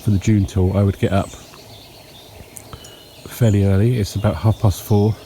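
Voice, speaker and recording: Guy with hay fever walking around his yard at dawn, sniffly, lots of ums, faint birds and bugs around. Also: lowish voice. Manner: relaxed, unhurried, frequent ums and pauses. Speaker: homestead vlogger. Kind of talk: casual walking tour narration. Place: outdoors in a countryside yard at dawn. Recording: faint outdoor noise with birds. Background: birdsong and insects.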